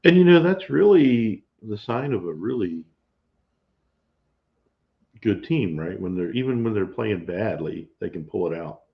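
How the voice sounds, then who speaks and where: Husband co-hosting a live stream; gravelly, playful, muffled lo-fi audio. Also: male voice, on the low side, animated, unhurried, pauses often. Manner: chatty, laughs often, playful teasing. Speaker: co-host of a homestead live stream. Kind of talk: casual chat.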